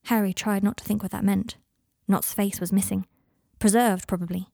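A woman narrating a fan fiction audiobook in an even, measured way. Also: mid-range voice, vocal fry, dry recording, studio quality.

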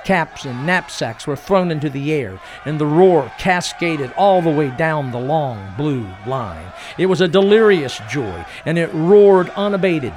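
A man narrating a scripted history story in a dramatic storytelling manner, slowing and dropping his voice for emphasis. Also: fairly high pitch, expressive, a little mellow, some chatter behind, a little hiss or hum.

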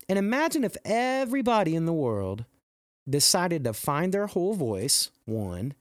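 A middle-aged man hosting a motivational podcast. He speaks slowly and earnestly, rambles and restarts, and his voice jumps high when he quotes people. The recording is close and dry. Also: dry recording. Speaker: podcast host.

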